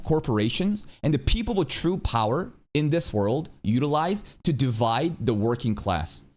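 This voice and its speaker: A male streamer giving a heated, profane commentary rant. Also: on the high side. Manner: profane, heated, sweeping rants. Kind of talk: ranting commentary to camera.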